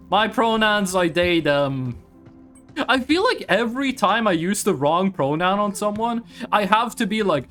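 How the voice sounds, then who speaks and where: A young man from Scandinavia streaming a game, joking and teasing his chat in casual banter. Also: soft background music. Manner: animated, quick swings in pitch.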